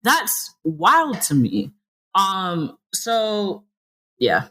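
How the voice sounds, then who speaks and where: A young woman from New City, a podcast guest talking in a lively, slangy, casual way with the odd swear. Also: medium pitch, very slow. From New York City. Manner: animated, slangy, swears casually, jumps into mock dialogue. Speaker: podcast guest, content creator. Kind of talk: casual interview chat.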